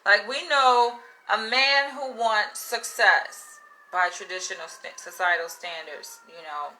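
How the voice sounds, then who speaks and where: A woman's voice: mid-range voice, fairly even intonation, measured pace, pushed and bright, a little hiss or hum, low-quality recording. A woman hosting a casual livestream monologue, talking frankly and emphatically, with profanity and frequent laughs. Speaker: livestream host.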